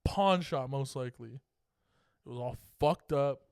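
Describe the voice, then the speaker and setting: A man's voice: mid-range voice, unhurried, a little mellow, clear, resonant tone, dry recording, clean studio sound. A young man from California co-hosting a podcast, telling a rambling, profane story in casual chat. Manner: profane, rambling, laughing as he talks. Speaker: podcast co-host.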